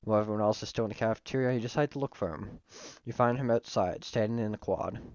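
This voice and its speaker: A man's voice: lowish voice, fast, a little mellow, dry recording, highs cut off. Joking male streamer reading a game. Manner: playful, joking asides. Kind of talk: reading a visual novel aloud with voices.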